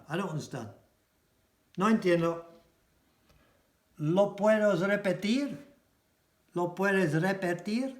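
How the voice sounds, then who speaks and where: Man, language teacher, repeats and translates phrases, fairly high voice, roomy echo. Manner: explains phrases by repeating them slowly and translating. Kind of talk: casual language lesson. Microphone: camera mic.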